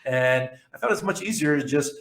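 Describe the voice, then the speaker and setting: A man's voice: medium pitch, lively intonation, a little fast, fairly bright tone, echoey room. A man hosting an interview podcast in a casual chat style, eager and often repeating words and restarting sentences. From New York. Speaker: podcast host.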